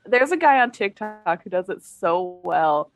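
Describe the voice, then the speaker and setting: A woman's voice: lowish voice, sing-song, unhurried, no room sound, faint music behind. A woman in her thirties co-hosting a casual podcast, rambling with many fillers and frequent giggles. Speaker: podcast co-host.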